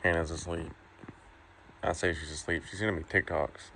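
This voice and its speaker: A very low, gravelly male voice, worn out and yawning as he chats late at night. It's a casual outdoor phone recording with clear noise behind him. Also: steady tone, moderate pace. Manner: tired, yawning, joking with a puppy. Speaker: farm vlogger. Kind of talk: casual vlog.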